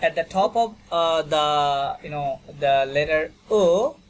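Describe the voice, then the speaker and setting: A man's voice: on the high side, takes it slowly. Man patiently teaching French. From Bangladesh. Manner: patient, repeats words for students to echo; many fillers like "you know" and "okay". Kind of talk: online language lesson. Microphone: video call.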